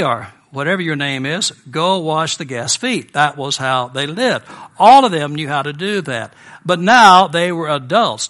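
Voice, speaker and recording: An American man preaching a sermon in a relaxed, conversational storytelling manner with personal asides. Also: a little high. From United States.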